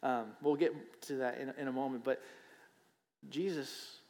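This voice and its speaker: A man's voice: mid-range voice, measured pace, darkish tone. Conversational preacher man in a reverberant hall. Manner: conversational, checks in with frequent rhetorical "right?"; repeats phrases for emphasis. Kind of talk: sermon.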